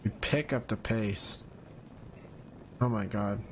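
A man streaming a video game with casual commentary, excitable, swearing often and yelling when frustrated. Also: fairly low pitch, takes it slowly, crowd noise.

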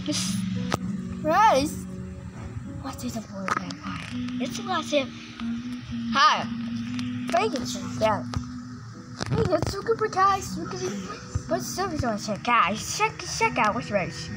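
High, lively woman over game music. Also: slow pace, long pauses, low-quality recording. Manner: excitable, exclaiming, repeats words. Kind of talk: casual gameplay commentary. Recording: game music playing behind.

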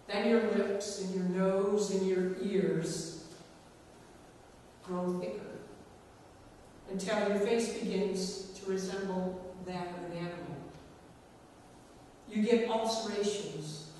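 Slow, echoey woman preaching a sermon. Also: medium pitch, steady tone, mellow, a little hiss or hum. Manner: measured, dramatic sermon delivery with slow emphatic pauses. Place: large church sanctuary. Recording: echoey church hall, recorded from far off.

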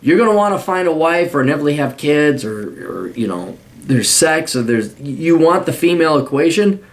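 A man's voice: a little high, big pitch swings, normal speed. A man hosting a podcast, giving blunt, profanity-laced advice in a rambling monologue full of restarts.

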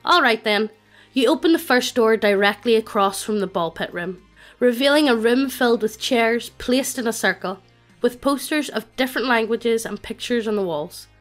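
A synthetic woman's voice, pitched a little high, narrates a tabletop adventure in a flat computer cadence. Soft music plays quietly underneath. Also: normal speed. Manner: flat, evenly paced computer reading. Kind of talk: synthetic text-to-speech narration.

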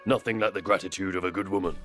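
An actor voicing a jovial older male cryptozoologist in a video game, talking in a gruff, hearty way with quick laughs, with faint music under the game audio. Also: low-pitched, steady tone, fairly bright tone.

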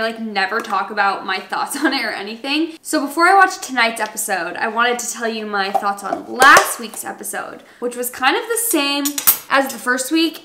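A young adult woman, a lifestyle vlogger and podcast host, chats casually to the camera with a constant stream of "like." Her voice is fairly high, bright and forceful, with a slight hiss or hum in the recording.

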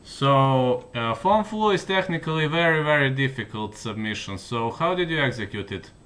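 A man interviewing a fighter, asking brief, measured questions. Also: medium pitch, expressive, a bit bright.

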